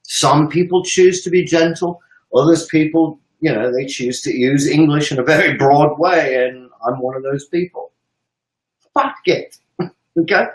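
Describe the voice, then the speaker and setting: A man ranting profanely and emphatically about politics on a live stream, with sharp swings in pitch. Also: unhurried, roomy sound, rough recording. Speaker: economic analyst on a live stream.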